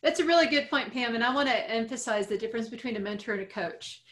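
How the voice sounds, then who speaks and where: A woman coach giving advice on a podcast, calm and explanatory, building her points around simple analogies. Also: on the high side, fast. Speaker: coach answering listener questions.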